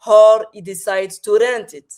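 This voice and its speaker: A woman with a French accent, a podcast guest speaking over a video call, with many pauses and restarts. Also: mid-range voice, fairly even intonation, darkish tone. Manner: hesitant, many fillers and restarts. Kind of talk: remote interview.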